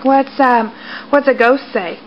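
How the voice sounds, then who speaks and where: High coaxing mom. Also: female voice, slow pace. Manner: sing-song, coaxing, laughing easily. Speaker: parent quizzing a toddler. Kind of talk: home video chat with a toddler. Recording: lo-fi home camcorder with faint hiss.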